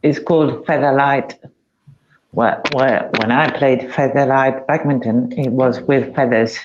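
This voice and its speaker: A man talking at an unhurried, slow pace, circling back on the same words as his thoughts wander. The recording is dull and lo-fi, with a faint hiss underneath. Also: mid-range voice, steady tone. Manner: meandering, repeats words, drifts between topics. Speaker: chat participant. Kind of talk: rambling casual chat. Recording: dull lo-fi sound.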